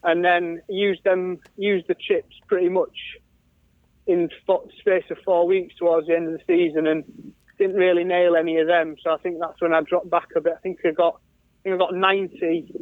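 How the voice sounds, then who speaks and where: A man's voice: high voice, flat delivery, normal speed, no room sound. Casting note: northern English man, a guest on a casual podcast, dry close sound and thin phone quality. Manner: laughs easily, restarts sentences. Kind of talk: casual chat. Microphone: phone or call line. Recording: tinny phone-line call.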